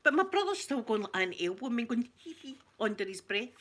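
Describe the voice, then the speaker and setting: A Scottish woman hosting her channel, telling a story in an animated, chatty way that keeps breaking into laughter. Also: on the high side, fast talker. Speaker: ASMR channel host. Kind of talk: casual storytelling.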